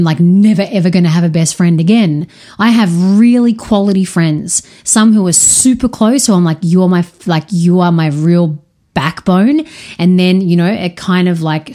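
A woman's voice: on the low side, normal speed, warm tone. A woman telling a candid personal story in a frank, unfiltered way, swearing freely and often restarting her sentences.

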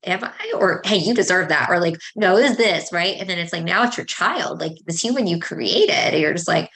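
A woman's voice: lowish voice, expressive, normal speed, vocal fry, fairly bright tone. A woman in her thirties hosting a podcast, chatting casually and acting out exchanges with her kids. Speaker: podcast host. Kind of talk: casual chat.

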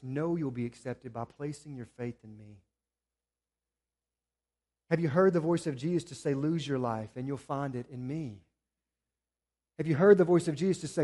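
High-voiced preacher. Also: male voice. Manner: preaching with rising emphasis, then dropping to quiet appeals. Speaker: pastor. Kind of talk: sermon.

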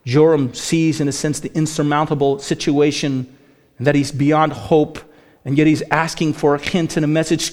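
A man preaching a sermon with passion, climbing loud on quoted questions and dropping low and soft for promises of mercy. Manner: impassioned preaching, rising to near shouts on quoted lines. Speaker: pastor.

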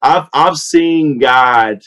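A man, telling a personal faith story in casual conversation, acting out quotes with a rising voice. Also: drawn-out words. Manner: animated storytelling, acts out quotes with rising pitch. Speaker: youth football coach and sports training founder. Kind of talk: casual testimony in a podcast chat.

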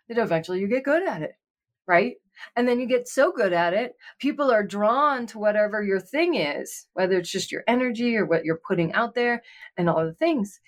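Woman co-host, casual chat, musing and sincere, even middle pitch. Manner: rambling, heartfelt, chatty. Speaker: podcast co-host.

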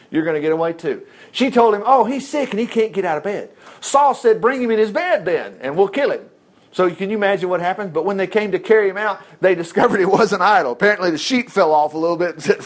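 A man preaches a sermon in a voice a little higher than most men's. He tells the story in a folksy, conversational way, and his pitch and loudness swing widely, from loud exclamations down to quiet asides. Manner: animated storytelling preacher, jumps between whispers and loud exclamations. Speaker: pastor.

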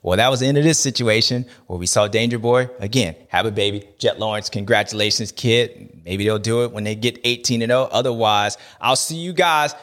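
A man hosting a race recap show talks briskly with hardly any pauses in a lowish voice. His rant is loose, slangy, and jokey, animated and rambling from one aside to the next.

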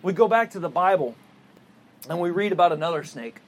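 A man's voice: high-pitched, expressive, fairly quick, slight background noise. A man preaching a sermon in a conversational storytelling way, asking the audience rhetorical questions. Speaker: pastor.

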